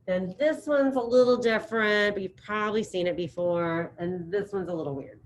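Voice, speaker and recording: A middle-aged woman teaching a high school Spanish class, leading drills in a chatty, encouraging way. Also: normal speed, rough recording. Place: classroom with students present and online.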